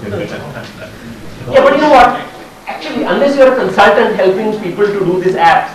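A man's voice: sits high, animated, normal speed, crowd noise. A man, a workshop speaker telling anecdotes in a chatty, joking way with many fillers. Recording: echoey hall from far off, noisy.

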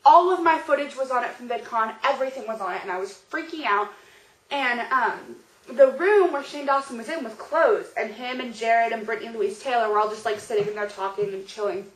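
A young woman with a high voice tells a story straight to camera, bubbling over with excitement and "like" after "like". The room around her is roomy and echoey. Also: brisk. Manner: gushing, excitable, heavy use of "like". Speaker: vlogger. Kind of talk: casual storytelling vlog. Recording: roomy echo.

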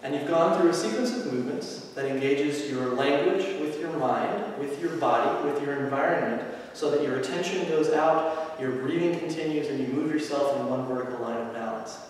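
A man teaching aikido who explains movements calmly and methodically and chants short phrases with each step. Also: fairly high pitch, moderate pace, few pauses, a little hiss or hum. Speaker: aikido instructor. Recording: echoey hall, mic far off.

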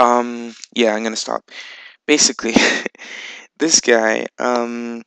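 Gravelly-voiced man rambling through a game vlog. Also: medium pitch, fairly even intonation, slow, a bit bright, dry recording, rough recording. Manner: rambling, filler-heavy, swears casually. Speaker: video game channel host. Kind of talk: casual gameplay vlog chat.

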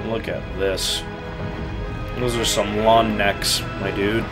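A man playing a video game with casual let's play commentary, excitable and swearing constantly with loud outbursts. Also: on the low side, slow, music in the background. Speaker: gamer playing through a game.

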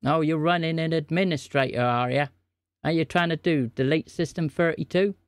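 A man's voice: on the high side, normal speed. A man streaming a scam-bait phone call, feigning confusion and playing dumb with the caller. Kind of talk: prank call.

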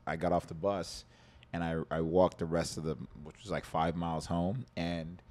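A man's voice: low voice, level tone, normal speed, a little mellow. A man from Jamaica, a podcast guest, telling stories in a laid-back casual chat and swearing freely.

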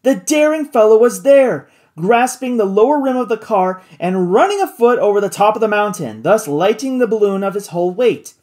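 A narrator reading a classic adventure novel aloud in an expressive, dramatic way. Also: mid-range voice, moderate pace, hardly any pauses. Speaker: audiobook narrator.

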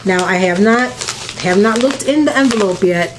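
A woman's voice: mid-range voice, moderate pace, noisy background. A woman, opening mail on a crafting vlog, gushing and emotional, close to tears. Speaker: crafting vlogger.

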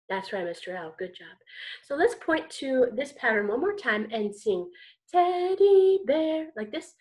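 A woman's voice: high voice, lively intonation, measured pace. A woman teaching an online kindergarten music lesson, encouraging and singsong as she chants rhythms.

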